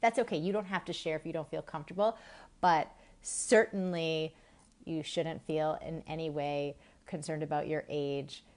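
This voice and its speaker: A woman's voice: low voice, steady tone, normal speed, a little mellow. Chatty woman hosting a live stream. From Massachusetts. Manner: chatty, laughing, greets viewers by name. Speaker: host of a live stream on women's hormones. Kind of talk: live stream chat with viewers.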